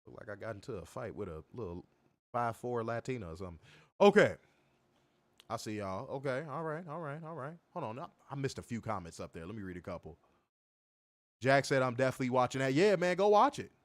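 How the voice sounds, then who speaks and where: A young man co-hosting a wrestling review livestream, reading chat comments and trash-talking in a profane, animated way. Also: medium pitch, fairly quick, dry recording. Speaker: wrestling podcast co-host.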